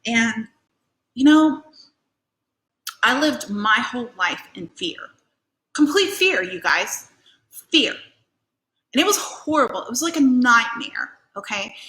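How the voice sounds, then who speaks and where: A woman giving a casual motivational talk as a life coach, chatty and animated, acting out little scenes and swearing casually. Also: fairly high pitch. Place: indoor room at home. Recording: echoey room.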